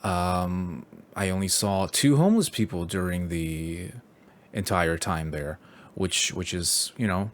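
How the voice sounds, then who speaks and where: A man's voice: low voice, slow. A young man from New York City chatting casually in a rambling, wry and crude way, full of fillers. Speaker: vlogger.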